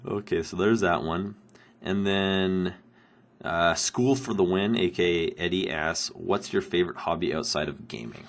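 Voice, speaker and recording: A Canadian man playing Minecraft is sick while he answers viewer questions during casual let's-play commentary, rambling with lots of ums and laughter. His voice is deep and fairly bright, and he speaks a little slowly.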